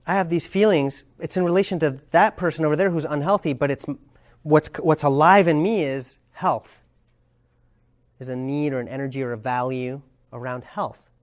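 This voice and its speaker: Telling a story during the communication workshop he leads, a male trainer explains concepts thoughtfully, often hesitating as he reaches for words. His pitch is fairly high.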